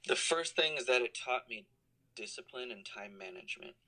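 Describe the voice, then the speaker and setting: An alumnus in his thirties, now a college compliance officer, responds to interview questions over a call. His mid-range voice is expressive, pushed and bright at a moderate pace, and he explains thoughtfully with frequent fillers. The audio is poor, with a little hiss or hum.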